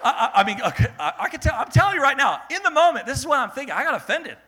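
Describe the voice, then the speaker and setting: Lively young pastor preaching. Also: male voice, very high voice, very fast, slight background noise. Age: young adult. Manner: animated, laughing, builds to loud peaks then drops to soft earnest tone. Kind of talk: sermon.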